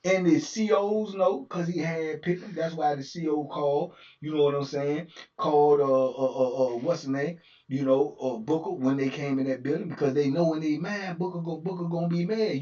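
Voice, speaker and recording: A man spins a casual anecdote in a lively, slangy way, laughing often between lines. His voice sits a bit high for a man. The sound is set back from the mic and comes through dull and lo-fi. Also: normal speed. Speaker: storyteller. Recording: distant dull lo-fi recording.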